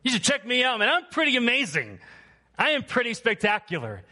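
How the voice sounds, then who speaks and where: A man putting on a boastful magician, high-pitched, loud, mock-grand, self-admiring. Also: wildly swooping pitch, fairly quick, exaggerated voice. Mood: smug bragging.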